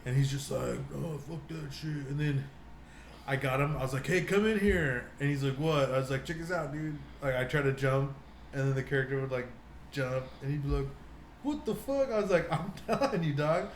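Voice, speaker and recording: A man's voice: medium pitch, a little fast. Rambling, swearing young man in an echoey room. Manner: rambling storyteller, swears a lot, acts out quotes. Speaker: podcast co-host. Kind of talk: casual chat. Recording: echoey room with faint noise.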